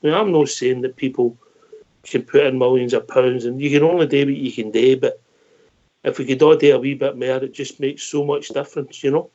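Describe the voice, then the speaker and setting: A man's voice: mid-range voice, steady tone, fairly quick, dark tone. A man hosting a fan radio phone-in, greeting callers in a friendly way and calling them mate. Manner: friendly, calls people mate. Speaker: host. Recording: dull lo-fi audio.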